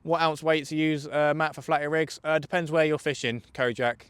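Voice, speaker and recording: A young man from England fishes from a riverbank outdoors and chats on a livestream, joking and answering questions from viewers. His voice is on the high side with fairly even intonation, a little fast and clean-toned, with no room sound.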